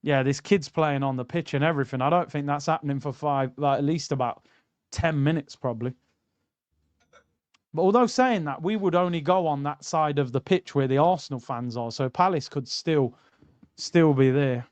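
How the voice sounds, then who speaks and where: A man's voice: on the high side, moderate pace, a little mellow, clear, resonant tone, no room sound. A young man, hosting a casual football watchalong stream, bantering and reading out chat messages.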